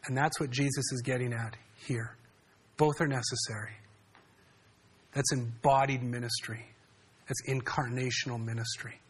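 A man's voice: mid-range voice, steady tone, normal speed, pauses often, slightly rough. A man preaching a sermon in a conversational way, often asking his congregation questions. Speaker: pastor.

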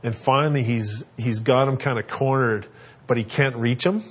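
A man in his thirties, a father, casually telling family stories and giving parenting advice, acting out his kids in high squeaky voices. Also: normal speed, slightly rough. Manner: animated, acts out kids' voices in a high pitch.

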